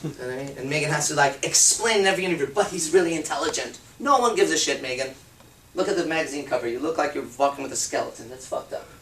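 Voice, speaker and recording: A man giving a blunt, profane and animated seminar talk as a dating and confidence coach. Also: on the high side, fast, echoey room, far from the mic, slight background noise. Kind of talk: seminar talk to a live group.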